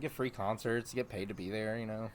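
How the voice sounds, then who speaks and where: A man's voice: lowish voice, steady tone, fairly quick. A man hosting a podcast in a laid-back way, laughing along with his guest. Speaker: podcast host. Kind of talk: casual chat.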